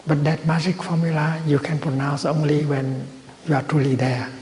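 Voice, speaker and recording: Man, Buddhist teacher, gentle unhurried dharma talk, roomy hall with long reverb. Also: on the high side, little pitch movement. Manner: slow, gentle, measured phrasing with long pauses.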